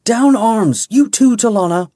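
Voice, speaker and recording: A man voicing a stern woman guard captain who gives sharp commands. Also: fairly high pitch, animated, brisk, husky, dry recording, pitched above the performer's own voice. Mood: commanding.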